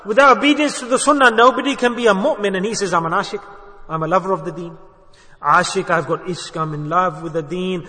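A man delivers an earnest sermon and keeps putting questions to his listeners. His voice sits high and sounds bright and forceful. The hall around him rings with a long echo. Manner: earnest, rhetorical questions to the audience. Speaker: Islamic preacher.

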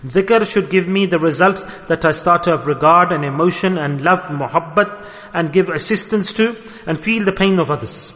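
A man's voice: fairly high pitch, normal speed, fairly bright tone, long reverb tail. A man preaching a storytelling sermon in an earnest, repetitive way, full of rhetorical questions.

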